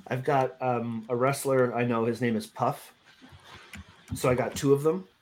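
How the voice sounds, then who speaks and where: A man's voice: medium pitch, fairly even intonation, moderate pace, a little hiss or hum. Laid-back male podcast host. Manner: laid-back, jokey, asks the questions. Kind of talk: casual chat.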